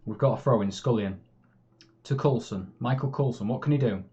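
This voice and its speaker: A man talks over his own game, narrating plays as they happen in a chatty, easily frustrated way. His voice sits at an average pitch with a mellow, dark tone. The recording is a bit muffled and lo-fi, like a basic home mic. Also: brisk. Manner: chatty, swings between calm and exasperated. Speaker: gaming YouTuber. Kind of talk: live game commentary.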